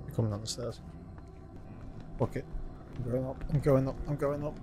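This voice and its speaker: A man's voice: medium pitch, steady tone, moderate pace, music in the background. A man giving a jumpy, swear-filled running commentary while playing a video game, talking to himself and to the characters on screen. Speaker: gaming video host. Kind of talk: let's play commentary.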